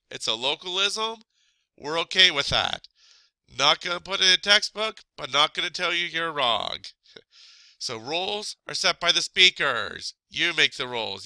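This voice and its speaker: A man with a stuffy nose talks through a casual recorded lesson, wandering into chatty asides. His voice is very bright and smooth, set a little high for a man. The sound is dry and close. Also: no echo, poor audio. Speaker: teacher.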